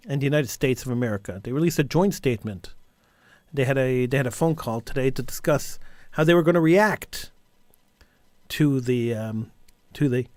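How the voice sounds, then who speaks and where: Impassioned talk radio host, dry studio. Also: male voice, on the high side, a little mellow, no echo. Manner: impassioned, indignant, repeating phrases for emphasis. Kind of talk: call-in talk radio monologue.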